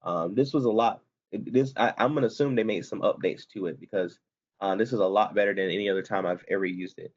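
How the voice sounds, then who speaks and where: Speaking fast in a lowish voice, a man leads students step by step through a spreadsheet in a screen-recorded tutorial. The sound is lo-fi, and his delivery is relaxed, with frequent self-corrections.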